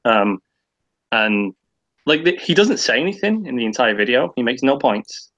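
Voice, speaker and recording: A man's voice: mid-range voice, expressive, normal speed, fairly bright tone, dull audio. A man on a casual online stream, ranting at length with lots of swearing and filler words. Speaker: guest on a stream. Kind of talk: casual chat.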